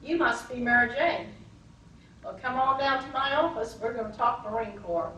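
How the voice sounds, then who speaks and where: A woman's voice: fairly high pitch, slight background noise. A woman doing a sweet Southern Marine captain. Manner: sweet, gentle, unhurried. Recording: echoey room, far from mic.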